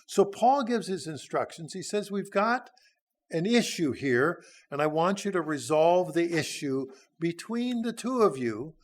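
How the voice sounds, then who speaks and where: A man's voice: a little high, big pitch swings, measured pace. A man in his sixties giving a sermon, teaching through a Bible passage in a folksy, conversational way with frequent hesitations. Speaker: church speaker.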